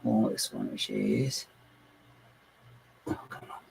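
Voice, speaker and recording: A channel host rambles through a casual livestream from home, poking fun at himself as he builds models on his computer and talking to himself and his dog. He speaks at a slow pace with a darkish tone. The recording is rough, with a little hiss or hum.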